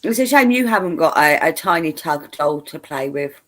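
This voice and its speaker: A woman's voice: sits low, lively intonation, normal speed, a bit bright. A British woman in casual chat on a video call, teasing and chatty, laughing often. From Britain.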